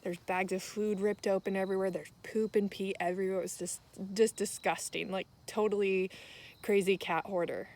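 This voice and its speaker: A woman's voice: medium pitch, steady tone, normal speed, a little mellow. Tearful woman telling a heartfelt story. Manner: emotional, heartfelt storytelling with many fillers. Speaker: vlogger. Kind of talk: personal testimony vlog.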